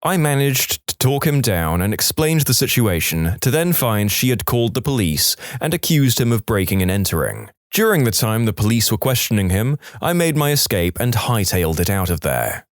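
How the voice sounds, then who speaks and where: A man reading listener stories aloud as a narrator, with a lively storytelling delivery. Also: lowish voice, normal speed, few pauses, no room sound, clean studio sound. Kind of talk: scripted narration.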